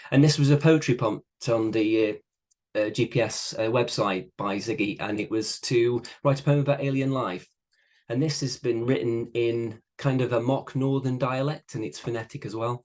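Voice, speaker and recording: A man's voice: medium pitch, normal speed, a little mellow. A man at an open mic reading his own poems over a video call, with playful wordplay and rhythmic delivery. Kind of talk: poetry reading.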